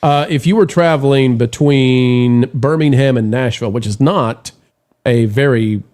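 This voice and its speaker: A man's voice: mid-range voice, unhurried, darkish tone. A man hosting a casual live-stream show, rambling with fillers while reading viewer messages aloud. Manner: rambling, full of fillers and restarts.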